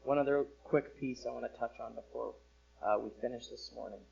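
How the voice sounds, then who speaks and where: A man preaching a sermon as pastor, with expressive delivery that rises for emphasis and drops low. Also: fairly quick, gravelly, slightly rough, lo-fi sound. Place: church sanctuary.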